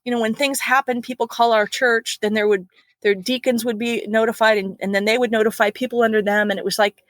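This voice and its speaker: A woman's voice: fairly high pitch, fairly even intonation, fairly quick, fairly bright tone, no echo, lightly acted. A woman quoting her sobbing teenage son, who pleads urgently on the phone. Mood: pleading.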